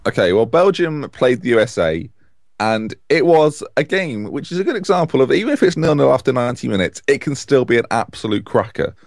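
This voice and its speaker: A man co-hosting a casual football podcast, animated and opinionated. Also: mid-range voice, a little fast, no echo, studio quality. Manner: animated, opinionated, chatty with restarts. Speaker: podcast co-host.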